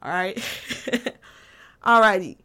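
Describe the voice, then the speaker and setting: A woman's voice: medium pitch, animated, slow pace, bright, forceful tone, clean tone. A woman in her twenties talking casually as a vlogger, loose and profane, often restarting her sentences. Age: 20s. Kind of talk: casual chat.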